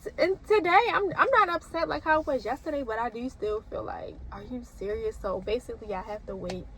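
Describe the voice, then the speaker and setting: A woman's voice: fairly high pitch, quick pace, sharp tone, a little hiss or hum, low-quality recording. A young woman nursing student, rambling casually to camera with lots of fillers and restarts. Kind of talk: casual vlog talk.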